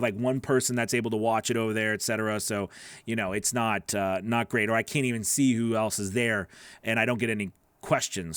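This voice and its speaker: A man's voice: mid-range voice, no echo. Guy doing a casual live q&a for voice actors, rambly, lots of restarts, dry mic. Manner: rambling, answers viewer comments, many restarts. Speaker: voice-over coach hosting a live Q&A.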